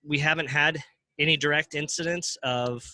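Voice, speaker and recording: A man's voice: a little high, steady tone, moderate pace, pushed and bright, dry recording. A man who runs a crypto ATM business, being interviewed in casual talk, often restarting and repeating words as he explains.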